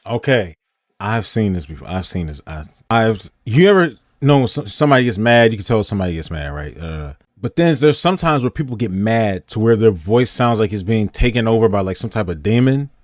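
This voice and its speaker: A man's voice: on the low side, sing-song, a little fast, no room sound, studio quality. A man hosting a reaction video, chatting casually and animatedly, sometimes acting out voices to explain.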